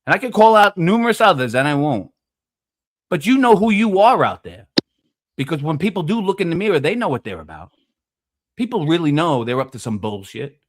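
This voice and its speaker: A man ranting in casual streamed panel chat, profane and preachy, with loud emphatic bursts. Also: on the high side, sing-song, brisk. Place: online streaming call.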